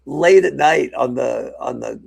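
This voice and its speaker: A man co-hosting a podcast in casual chat, laughing often and breaking into loud impressions while telling stories. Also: mid-range voice, measured pace, creaky, breathy edge. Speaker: podcast co-host.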